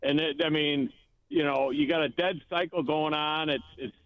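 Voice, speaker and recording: A man calling in to a radio show, rambling and halting as he talks. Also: on the high side, fairly even intonation, no echo. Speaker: caller. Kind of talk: phone-in chat. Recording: phone line.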